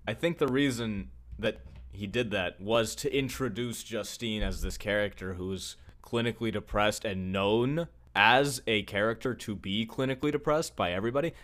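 A man's voice: on the low side, normal speed, fairly bright tone. A man co-hosting a podcast, casually rambling about a film and retelling scenes in quoted voices. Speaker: podcast co-host.

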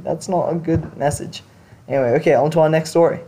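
A man's voice: on the high side, fairly quick, dark tone, slight background noise. A man hosting a show, reading confession stories aloud and reacting to them in blunt, casual talk with some swearing. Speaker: podcast host reading stories.

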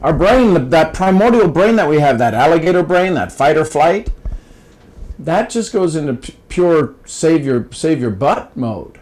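A man's voice: fairly high pitch, sing-song, measured pace, a little mellow, low-quality recording. Older man, from Ohio, folksy, coaching, repeats words, casual podcast guest. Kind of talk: casual advice-giving conversation.

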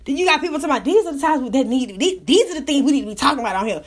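A woman with a slightly high voice hosts a casual live talk room. She rants and tells stories bluntly and with lots of profanity. Her delivery swings between low muttering asides and sudden loud, excited outbursts. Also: rapid-fire, hardly any pauses. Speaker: live audio room host. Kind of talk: casual storytelling rant.

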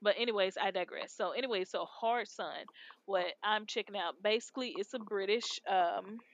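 A woman's voice: medium pitch, normal speed, no room sound. A woman from Texas co-hosting a podcast, chatting casually and rambling in slangy speech. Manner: rambling, slangy, laid-back. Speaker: podcast co-host. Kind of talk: casual chat.

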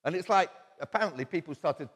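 A man's voice: on the high side, lively intonation, fast talker. A man preaching a sermon in a church, telling stories conversationally with quoted asides and chuckles. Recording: long church-hall reverb.

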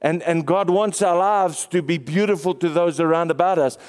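Animated preacher, echoing reverb. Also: male voice, normal speed. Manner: lively, swings between excited highs and hushed lows. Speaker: pastor. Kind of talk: sermon. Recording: long reverb.

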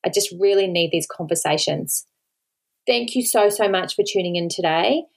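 Speaking at a normal speed in a lowish register with vocal fry, this Australian woman addresses her podcast audience solo. She's a mother and host, pleading earnestly, near tears, and leaning on repeated words to drive her point home.

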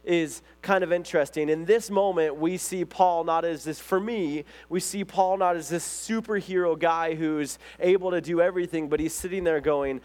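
A man's voice: fairly high pitch, moderate pace, few pauses. A man preaching a sermon in a loose, conversational way, telling stories with lots of fillers and restarts. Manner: conversational storytelling, lively retelling. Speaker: pastor.

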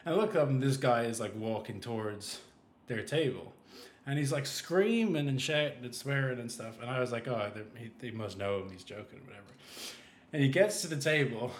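Male podcast co-host, rambling animated storyteller, echoey room sound. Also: medium pitch, fairly quick. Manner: rambling, animated retelling with restarts and acted-out quotes. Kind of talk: casual storytelling chat. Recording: roomy echo.

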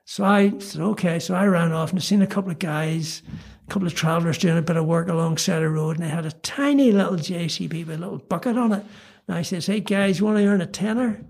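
An older man from Northern Ireland, speaking with a Belfast accent, is a guest storyteller sharing self-mocking anecdotes in casual conversation. His voice sits on the high side, fast, creaky, and slightly rough, with many ums and restarts.

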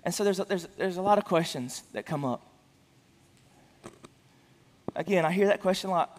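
A man preaching a sermon as a pastor, speaking earnestly with frequent restarts and stammered repeats, and getting louder for emphasis. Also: moderate pace, pauses often, long reverb tail. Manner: rises in pitch and volume for emphasis.

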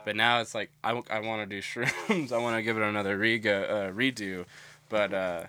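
A young adult co-host in casual chat who reacts quickly, jokes and laughs loudly. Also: medium pitch, fairly even intonation.

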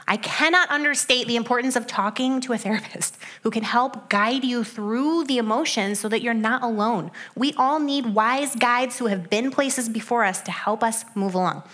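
Young woman preacher, fairly high voice, chatty and animated, dips to soft hushed tones. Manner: conversational, animated asides, soft hushed stretches. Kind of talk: sermon.

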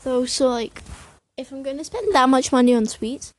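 A woman's voice: sits high, normal speed. A young woman rambling in a casual vlog, hyper and scattered, full of fillers and restarts, a little out of breath, sitting on her bed. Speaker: vlogger. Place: bedroom, sitting on a creaky bed. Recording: noisy home recording.

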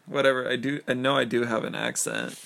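A young man in a relaxed chat, easygoing and quick to laugh along. His voice has a strong gravelly fry at a middle pitch, and he takes his time explaining his points. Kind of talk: casual chat.

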